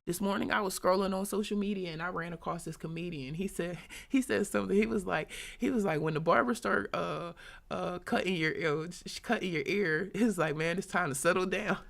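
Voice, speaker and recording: A woman hosts a live business talk with casual motivational chat, sometimes reading aloud from a book. She is chatty and laughs often, with quick whispered asides. Her voice is low with a gravelly edge.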